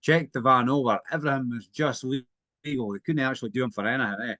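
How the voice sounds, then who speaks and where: A man's voice: mid-range voice, fast, bright, forceful tone, no room sound. A man co-hosting a casual boxing chat, telling anecdotes with frequent chuckles and tag questions. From Scotland. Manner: chuckling storyteller, tags lines with "eh?". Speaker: co-host.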